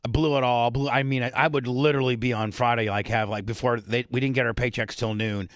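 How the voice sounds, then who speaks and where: A man's voice: medium pitch, fairly even intonation, fast talker, no echo. Brash male talk-radio host, blunt casual storyteller, dry close-mic sound.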